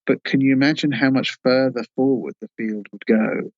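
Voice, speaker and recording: A man speaking as a guest psychologist in an interview, measured and thoughtful. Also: medium pitch, no room sound, highs cut off. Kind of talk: casual interview talk.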